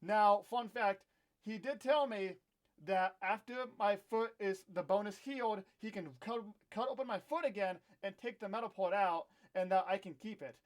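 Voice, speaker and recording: High-voiced young man ranting on camera. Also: moderate pace. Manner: candid, ranting, self-deprecating. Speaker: vlogger. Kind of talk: casual storytime vlog. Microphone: own camera.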